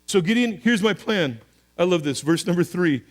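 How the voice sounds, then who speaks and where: Animated high-voiced pastor preaching. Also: male voice, moderate pace. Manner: storytelling, acts out voices of soldiers and God, animated swings in pitch and loudness. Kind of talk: sermon.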